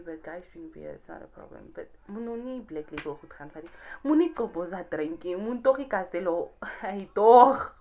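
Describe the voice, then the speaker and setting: A young Namibian woman gives casual dating advice straight to her camera. She talks with sass and flair, peppering it with rhetorical questions. The recording sounds a little dull, with faint background hiss. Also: medium pitch. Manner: sassy and animated, rhetorical questions. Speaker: YouTuber.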